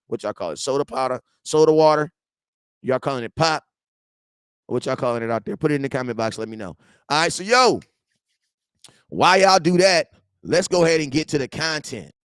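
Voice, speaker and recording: A man about forty hosting a casual football fan show from his garage, animated and slangy, swinging between loud outbursts and low asides. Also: brisk, clear, resonant tone, no echo, clean studio sound.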